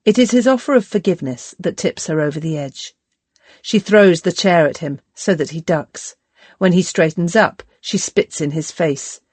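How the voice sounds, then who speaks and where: Female audiobook narrator, lowish and measured, dry close read. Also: a little mellow, slightly rough, dry recording. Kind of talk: scripted narration.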